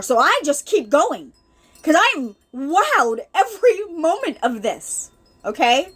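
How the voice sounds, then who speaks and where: A woman's voice: sits high, sing-song, takes it slowly, a bit bright, faint music behind. A woman hosting an unscripted ministry video, giving an earnest, rambling spiritual testimony with many restarts and asides, emotional at times.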